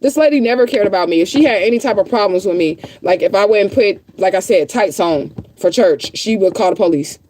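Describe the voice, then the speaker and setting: A woman with a medium-pitched, slightly mellow voice speaks animatedly and a bit fast, barely pausing, over a touch of hiss or hum. She's livestreaming an emotional rant, close to tears, blunt and profane, repeating herself to make her point.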